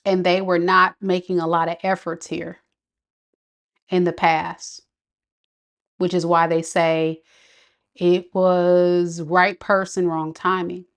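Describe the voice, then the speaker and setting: A woman's voice: fairly low pitch, flat delivery, takes it slowly, long pauses. A woman giving a live tarot reading, talking casually and reacting to viewer comments. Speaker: tarot reader.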